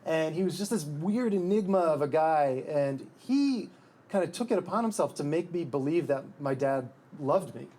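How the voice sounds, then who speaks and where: A man with a fairly high voice reads from his own book and then chats about it at a bookstore event. His humor is dry and wry, and he often breaks off and restarts a thought. He sounds relaxed and conversational. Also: moderate pace. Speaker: author and guest.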